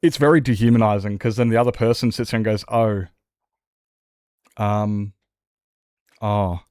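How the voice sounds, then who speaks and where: Male game streamer, casual rambling chat, mid-pitched voice, dry close sound. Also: rapid-fire, darkish tone, no room sound. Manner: rambling, answers chat, trailing restarts. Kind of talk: casual chat while gaming.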